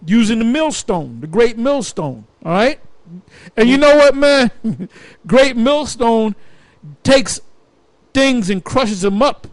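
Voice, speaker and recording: A man leading a Bible study, preaching in an animated, emphatic way and laughing between points. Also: very high voice, takes it slowly, no echo. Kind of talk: fiery preaching commentary.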